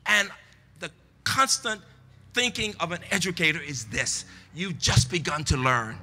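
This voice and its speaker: A man's voice: fairly high pitch, big pitch swings, unhurried, sharp tone, big-room sound. An older man giving a commencement address, emphatic and preacher-like, repeating lines for the crowd under a large tent. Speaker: commencement speaker. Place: large tent at an outdoor ceremony.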